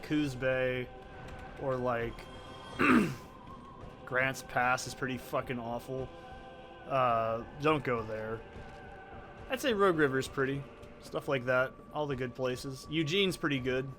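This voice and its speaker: A man with an Oregon accent rambles through gameplay commentary, drifting off on tangents and swearing freely. His voice sits at an ordinary middle pitch. It is recorded close on a home mic, with soft game music underneath. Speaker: let's play gamer. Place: soundproofed corner at home. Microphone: desk condenser mic with pop filter.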